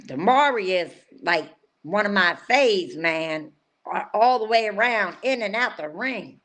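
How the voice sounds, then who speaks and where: Excitable rambling older woman. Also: mid-range voice, a little slow. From North Carolina. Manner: rambling, excitable, restarts often. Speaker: podcast co-host. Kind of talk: casual chat.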